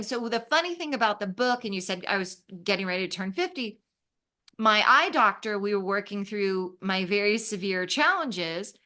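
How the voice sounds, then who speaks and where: A woman in her fifties from Los Angeles, a travel writer telling stories in an interview, animated and acting out the voices she quotes. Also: mid-range voice. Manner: animated, acts out quoted voices, laughs often. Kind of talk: casual storytelling in an interview.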